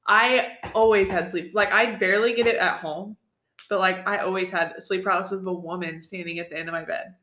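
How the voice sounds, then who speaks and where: Young woman, bright sharp voice, teasing podcast co-host, echoey room. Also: medium pitch, steady tone, fairly quick. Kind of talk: casual chat.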